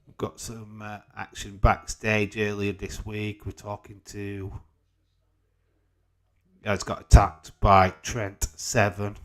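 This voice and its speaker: A man's voice: fairly low pitch, completely flat delivery, takes it slowly, a bit bright. A British man hosting a casual live watch-along stream, chatting, swearing freely and reading out viewer comments. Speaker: livestream host.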